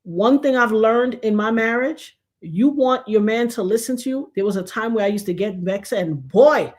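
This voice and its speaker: A woman's voice: on the high side, moderate pace. Emphatic folksy woman giving advice. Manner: emphatic, preachy, folksy, drops to a hush for effect. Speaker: livestream talk show host. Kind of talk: casual advice chat to a live chat.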